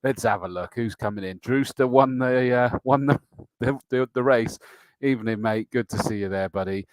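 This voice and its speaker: A man's voice: medium pitch, moderate pace, no echo. A middle-aged man hosting a motorsport livestream show, greeting viewers by name in a matey, casual way with lots of fillers. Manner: chatty and matey, frequent fillers and laughs. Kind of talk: casual live-stream chat reading viewer comments.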